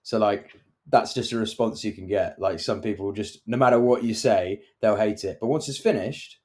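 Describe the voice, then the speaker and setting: A man with a somewhat low voice co-hosts a property podcast from the UK. He talks in a loose, chatty way and tells anecdotes about site visits. He acts out the people he quotes as he goes. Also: normal speed, a little mellow. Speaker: podcast co-host, property developer. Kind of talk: casual chat.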